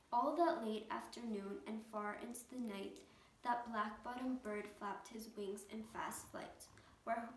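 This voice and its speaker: A woman reading a rhyming picture book aloud with a lively, rhythmic delivery. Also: on the high side, slight background noise. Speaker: storybook reader. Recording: echoey room, mic at a distance.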